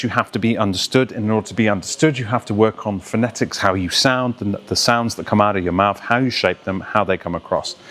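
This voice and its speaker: A man from the West Midlands, a voice coach who speaks with a Received Pronunciation accent and explains sounds in an animated way, demonstrating them as he goes. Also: mid-range voice. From West Midlands of England. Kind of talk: explanatory talk to camera.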